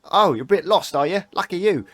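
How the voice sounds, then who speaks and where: A man's voice: high voice, expressive, a little fast, fairly bright tone, voice pushed up. A man voicing a small hooded street boy who works as a cheeky, chirpy lantern bearer. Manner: cheeky, chirpy, calls people mate.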